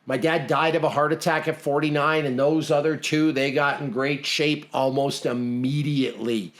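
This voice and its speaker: A man's voice: fairly high pitch, steady tone, normal speed, fairly bright tone. A middle-aged man from Canada co-hosting a podcast, talking bluntly and emphatically in casual motivational chat, often repeating himself. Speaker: podcast co-host.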